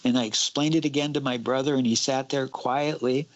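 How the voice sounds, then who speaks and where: A man's voice: medium pitch, fairly even intonation, fairly quick, dull audio. A young man on a talk show, telling a personal ghost experience in a casual, suspenseful way. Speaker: guest. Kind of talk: casual storytelling.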